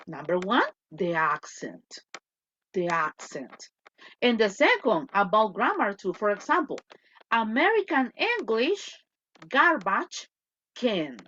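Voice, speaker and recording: Lively woman teacher. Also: mid-range voice, takes it slowly. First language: Spanish. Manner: switches between English and Spanish, repeats points, asks "okay?". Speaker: English teacher. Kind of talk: online class lecture. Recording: dull lo-fi audio.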